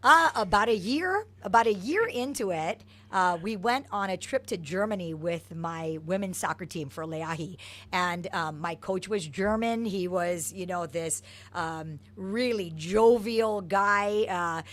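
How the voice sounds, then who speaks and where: A woman's voice: mid-range voice, measured pace. A middle-aged woman from Hawaii, a soccer coach, telling stories from her past with lots of energy in an interview. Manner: energetic, animated storyteller. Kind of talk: interview storytelling.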